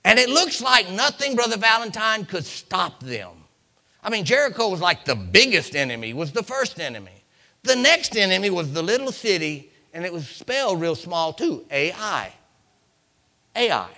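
A man preaching a sermon, reading scripture aloud and building up to shouted lines. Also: sits high, very animated, normal speed.

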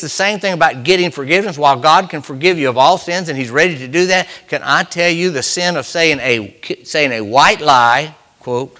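A man delivers a sermon with a bright, forward tone, pitched a little above most men. He speaks conversationally, circling back to repeat his main phrases and stretching out the words he wants to land. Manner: conversational preaching, repeats and restarts phrases, slows for emphasis. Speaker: preacher.

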